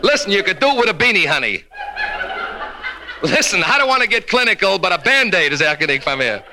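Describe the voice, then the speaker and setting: A man's voice: high-pitched, big pitch swings, a little fast, noisy background. A man performing a stand-up routine in a club, teasing the audience and dropping Yiddish punchlines in a brash manner. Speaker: stand-up comedian. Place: live club before an audience.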